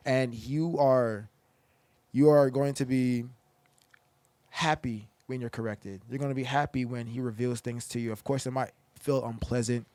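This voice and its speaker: Brief: male co-host, earnest and a bit preachy, mid-pitched voice, dry close-mic sound. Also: steady tone, unhurried, darkish tone, no echo. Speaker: podcast co-host. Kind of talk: casual chat.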